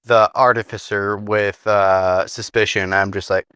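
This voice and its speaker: A man's voice: fairly low pitch, flat delivery, unhurried, pushed and bright, smooth, no room sound. A man playing in a tabletop game who stammers now and then. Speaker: player. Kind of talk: casual tabletop role-play.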